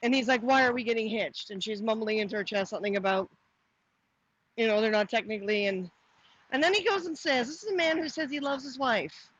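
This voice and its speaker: On a live stream, a middle-aged woman from Canada talks casually while walking outdoors to the post office. She rambles, often restarts and answers viewer comments out loud, speaking fairly quickly in a fairly bright voice on the high side. The audio sounds muffled.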